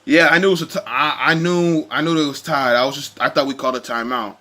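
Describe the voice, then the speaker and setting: A man putting on a low, mumbling voice to mimic a basketball player making excuses. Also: fairly even intonation, fast talker, sharp tone. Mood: defensive.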